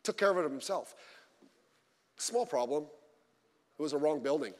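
A male pastor preaching a sermon, swinging between loud emphatic lines and low quiet asides, telling stories with humor. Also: expressive, moderate pace, in a large hall. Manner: informal storytelling with humor. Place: church.

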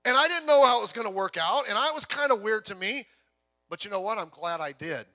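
A man preaching a sermon as pastor, in a lively, conversational way with jokes and quick self-repeats. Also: high voice.

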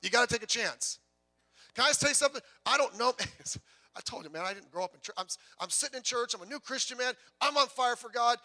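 High, bright-voiced male pastor preaching. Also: quick pace. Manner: lively conversational preaching, jokes and self-repeats. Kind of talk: sermon.

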